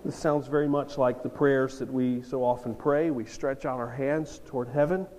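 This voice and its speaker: A man's voice: medium pitch, fairly even intonation, normal speed, a little mellow, a little hiss or hum. A jet-lagged pastor preaching a sermon to his church, earnest and swelling into emphatic bursts. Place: church sanctuary. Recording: long reverb of a church hall.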